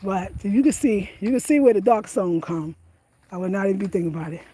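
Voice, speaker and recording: This woman's voice is medium-pitched, expressive, a bit fast, dark-toned, and husky. Chatting casually to camera with lots of laughter and slang, she vlogs outdoors at night on a country road and then at home.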